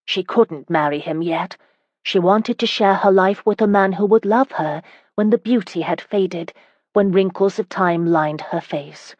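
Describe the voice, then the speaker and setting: A woman narrating a historical romance audiobook in a steady, even storytelling manner. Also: lowish voice, a little slow, no echo, lo-fi sound.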